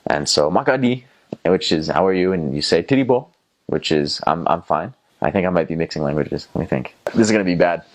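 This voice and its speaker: Deep-voiced Southern American young man. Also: animated, brisk. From North Carolina, USA. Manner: rambling with many fillers and restarts, mimics voices. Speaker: former missionary. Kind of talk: casual first-person storytelling.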